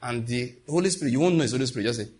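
A man preaching a sermon with lively call-outs to his congregation. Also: medium pitch, very fast, slightly rough. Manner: animated preaching with call-outs and acted quotes.

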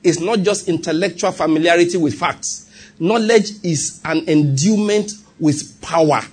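A man's voice: fairly high pitch, a little slow, husky. A man preaching a sermon as pastor, repeating his points and checking in with the congregation.

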